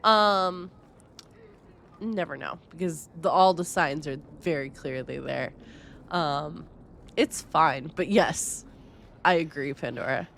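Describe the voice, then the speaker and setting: A woman's voice: low voice, slow pace, creaky, pauses often, a bit bright, slight background noise. Chatty, giggly woman streamer. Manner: chatty, rambling, laughs often. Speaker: gaming streamer reacting. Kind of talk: casual reaction commentary.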